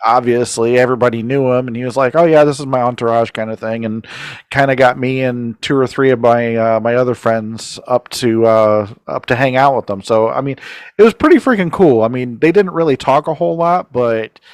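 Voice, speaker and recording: A man's voice: mid-range voice, steady tone, brisk, clean tone, dry recording, clean studio sound. A man in his forties hosting a radio interview, telling rambling stories with laughs and the odd curse. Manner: rambling storyteller, laughs often, swears freely. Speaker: radio show host. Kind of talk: casual interview chat. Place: studio.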